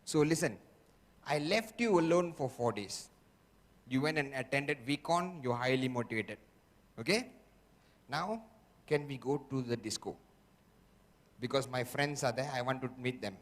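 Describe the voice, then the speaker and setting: A man's voice: medium pitch, expressive, measured pace, long pauses, voice pushed down, natural voice. A man voicing a tempting inner voice that talks down to the listener, calling him brother, coaxing and mocking. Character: sly tempting inner voice, male, mocking doubter. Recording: echoey hall.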